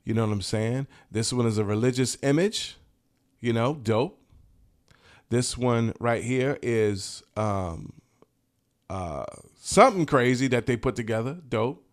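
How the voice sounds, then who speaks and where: A man hosting a channel for t-shirt sellers, talking casually and enthusiastically, in a relaxed, slangy way with plenty of swearing. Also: medium pitch, measured pace. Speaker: host of a t-shirt business channel. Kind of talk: casual talk showing shirt designs.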